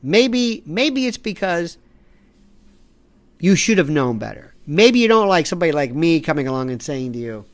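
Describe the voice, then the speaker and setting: A man's voice: fairly high pitch, big pitch swings, moderate pace. A man delivering an impassioned, exasperated political commentary rant straight to the viewer, often stumbling and restarting his words. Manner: talks straight to the viewer while browsing online.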